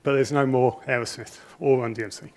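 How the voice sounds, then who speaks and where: A man's voice: medium pitch, steady tone, fairly quick, a little mellow. Chatty, nervous man speaking on stage. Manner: chatty and self-deprecating, with frequent restarts. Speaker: conference speaker. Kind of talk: conference presentation, anecdotal storytelling. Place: conference auditorium stage.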